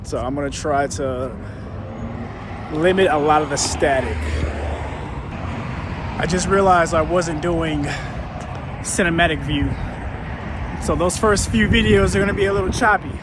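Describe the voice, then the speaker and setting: A man's voice: on the high side, a little slow, pauses often. Chatty man vlogging over background noise. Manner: chatty, easygoing, thinks aloud. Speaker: fitness vlogger. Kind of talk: casual unscripted vlog talk. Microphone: built-in camera mic, no external microphone. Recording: noisy background, no proper microphone.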